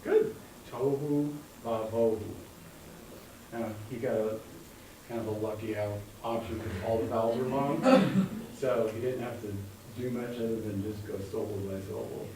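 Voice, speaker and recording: A man's voice: mid-range voice, normal speed, dark tone. Guy teaching a class, patient and step by step, roomy echo, kinda far from the mic. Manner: patient, explains step by step, calls on students. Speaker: Hebrew teacher. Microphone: room mic from a distance. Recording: echoey classroom, recorded from afar, faint hum.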